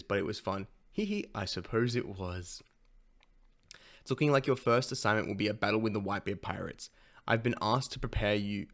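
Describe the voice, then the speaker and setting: A man hosting a manga reaction, reading the dialogue aloud in his plain voice and cutting in with gasps and swearing. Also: lowish voice. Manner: reads character lines in his plain voice.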